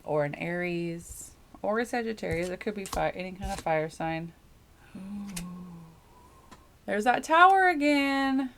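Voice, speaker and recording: A woman's voice: mid-range voice, animated, measured pace, pauses often, fairly bright tone, slight background noise. A woman giving a casual tarot reading, giggling often and rambling as she muses aloud. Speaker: tarot reader.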